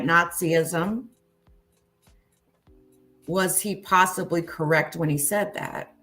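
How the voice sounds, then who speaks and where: An online commentator with a lowish, slightly bright voice does casual reaction commentary. She's sarcastic and incredulous, swears freely and chats with viewers in the live chat.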